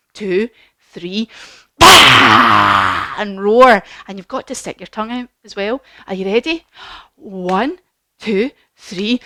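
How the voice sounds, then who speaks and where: A woman teaching a children's yoga class as a story, lively, encouraging and sing-song. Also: medium pitch, dry recording.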